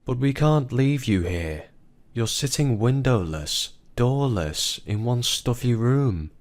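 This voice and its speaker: A man's voice: animated, takes it slowly. A man voicing a frantic, pleading wife. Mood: coaxing. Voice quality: low voice pushed higher for a woman. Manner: pleading, then shouting. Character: distraught adult woman confronting her husband.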